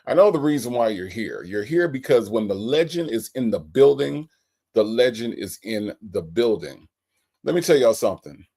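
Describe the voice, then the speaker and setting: Lively man hosting a live chat. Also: lowish voice, creaky. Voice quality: lively, playful, teasing delivery. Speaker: livestream host. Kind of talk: casual live chat, reading out viewer comments.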